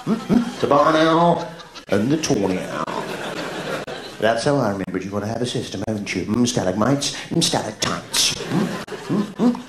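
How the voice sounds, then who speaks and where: An English man doing live stand-up comedy, reeling off absurd non sequiturs in a bouncy, sing-song way, with a quizzical "hmm?" between jokes and sudden high shouts. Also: very animated, moderate pace, a crowd in the background. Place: large theatre stage. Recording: roomy theatre sound from an old video tape, with noise. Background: audience laughter.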